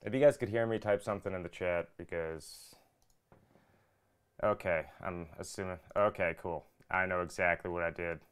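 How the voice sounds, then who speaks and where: A young man with a low, smooth voice hosts a casual live-stream podcast. He chats loosely and jokes, sounding a little flustered as he deals with technical trouble. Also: fairly even intonation, normal speed. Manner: jokey, flustered while fixing audio trouble. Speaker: podcast host.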